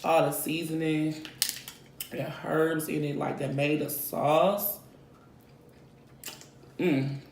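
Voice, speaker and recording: Slow, gravelly woman savoring food. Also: low-pitched, flat delivery. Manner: savoring food aloud with frequent hums; thanking viewers warmly. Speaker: mukbang vlogger. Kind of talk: mukbang eating talk. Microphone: close mic picking up eating sounds. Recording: echoey room, faint noise.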